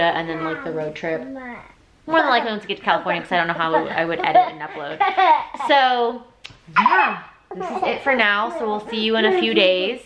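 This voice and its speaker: A woman's voice: medium pitch, low-quality recording. A young woman vlogging at home at night, chatty and emotional, close to tears, with lots of "like"s. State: teary. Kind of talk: casual nighttime vlog chat. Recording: loud background noise.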